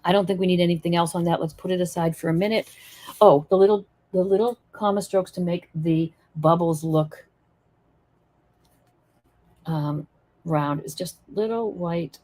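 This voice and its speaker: A woman's voice: lowish voice, fairly even intonation, moderate pace, pauses often, mellow. A woman teaching acrylic painting in a live stream, chatting and encouraging while she works. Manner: chatty, encouraging, thinks aloud while working.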